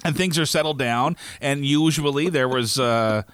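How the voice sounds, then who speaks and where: A man from Canada telling a long story on a podcast in casual chat, animated and laughing, acting out quoted lines. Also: medium pitch, moderate pace, clear, resonant tone.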